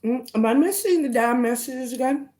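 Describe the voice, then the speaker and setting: Between slow, savoring bites, a mukbang vlogger greets her livestream chat by name and murmurs over the food. She is a woman whose voice sits high and sounds warm.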